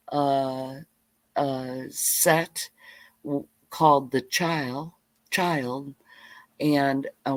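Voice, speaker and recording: A middle-aged woman hosting a live homestead stream, telling childhood stories in a rambling, animated way. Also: sits low, dry recording. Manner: rambling, animated, side-tracked. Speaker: homestead channel host. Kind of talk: casual live storytelling. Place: home livestream.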